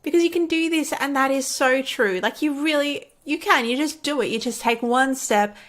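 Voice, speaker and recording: A woman's voice: sits high, normal speed, a bit bright. A woman who makes online courses, talking casually to camera in an encouraging, chatty way and laughing often. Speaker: online course creator and coach. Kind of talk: casual talk to camera teaching.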